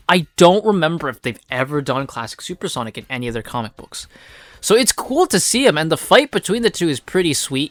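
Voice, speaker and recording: A man's voice: mid-range voice, fairly bright tone, no room sound. A man giving a rambling, profane, casual recap of a comic, full of filler words. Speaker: comic reviewer.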